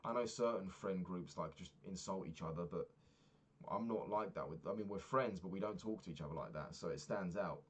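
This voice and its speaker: A man's voice: deep voice, brisk, breathy edge. A man talking through his week in a casual diary vlog, rambling and swearing freely as he rants. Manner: rambling, profane ranting. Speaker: vlogger.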